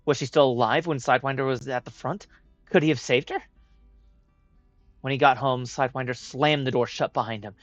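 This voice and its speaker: Male storyteller, steady read; dry, muffled mic, soft music bed. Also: mid-range voice, moderate pace, no echo. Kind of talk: reading a fan story aloud. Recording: dry, dull lo-fi with faint music.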